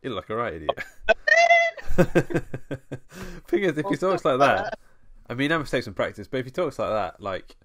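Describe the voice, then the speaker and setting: A man's voice: medium pitch, very animated, quick pace, hardly any pauses, a bit bright. A man hosting a casual podcast, self-mocking and laughing often as he chats. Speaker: podcast host. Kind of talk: casual chat.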